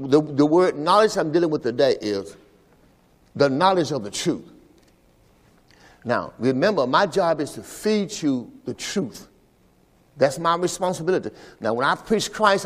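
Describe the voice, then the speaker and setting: Man preaching with long hall reverb. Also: medium pitch. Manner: call-and-response preaching, repeating "all right" to the congregation. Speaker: pastor. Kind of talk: sermon. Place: church service.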